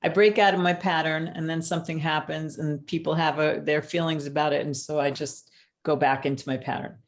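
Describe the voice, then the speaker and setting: A woman leading a support group, speaking gently and encouragingly to the mothers. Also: low voice, steady tone, a little fast.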